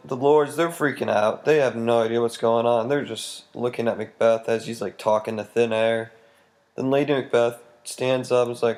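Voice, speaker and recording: A young man casually retelling a play as a comic school project, full of slang and deadpan asides. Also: medium pitch. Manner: slangy, lots of "like", slow deadpan delivery. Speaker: student presenter.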